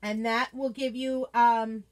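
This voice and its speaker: Female host, high voice, gushing and chatty, casual live craft unboxing. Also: little pitch movement, slow pace. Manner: gushing, chatty, reads viewer comments aloud. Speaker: craft product consultant and host.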